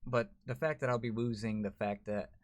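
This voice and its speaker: A man's voice: mid-range voice, steady tone, normal speed. A man, a gaming YouTuber, talking to camera in a frustrated, rambling way, full of restarts. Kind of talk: emotional to-camera vlog.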